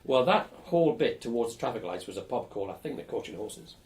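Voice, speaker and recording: An older man being interviewed for an oral history, telling lively, blunt stories about his student days. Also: mid-range voice, fast. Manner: lively storyteller, animated and blunt, swears casually.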